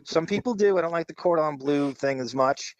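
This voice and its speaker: A man's voice: on the high side, fairly quick, low-quality recording. A man in casual chat, describing his favorite sandwich with enthusiasm and some rambling.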